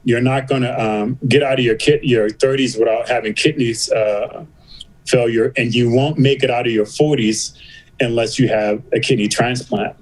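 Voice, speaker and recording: A middle-aged man talks candidly as a guest on a podcast, his voice at an ordinary middle pitch. He tells his story by replaying what was said, slipping into other people's lines in quick back-and-forth exchanges. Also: steady tone, rough recording. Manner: retells dialogue with doctors in quoted back-and-forth.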